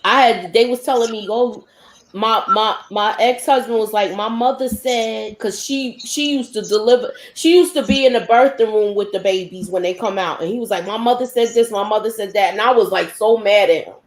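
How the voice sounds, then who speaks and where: A middle-aged woman telling a lively personal story in a casual roundtable chat, acting out the quotes. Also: mid-range voice, normal speed, reverberant. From Queens, New York. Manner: animated storytelling, acts out quotes. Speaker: panelist.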